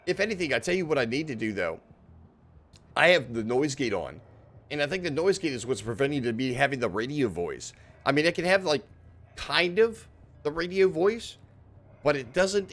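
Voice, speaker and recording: A man's voice: medium pitch, a bit bright. A man live-streaming a game, chatting casually with viewers in a rambling way, laughing often and swearing mildly, on a studio microphone. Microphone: diaphragm studio microphone.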